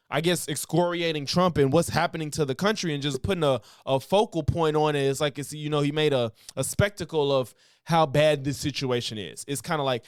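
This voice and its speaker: A man's voice: on the high side, dry recording, clean studio sound. A man casually reacting to a video clip, rambling with many restarts and some swearing.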